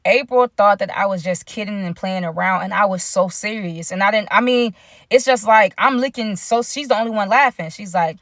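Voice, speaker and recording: A woman's voice: medium pitch, normal speed, a bit bright, no room sound, studio quality. A young woman telling a personal story in a casual, chatty way, talking straight to her viewers. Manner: chatty, addresses viewers directly.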